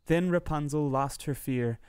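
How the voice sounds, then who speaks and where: A man narrating a fairy tale in a steady, measured storybook reading. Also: fairly high pitch, clean tone, no room sound, clean studio sound.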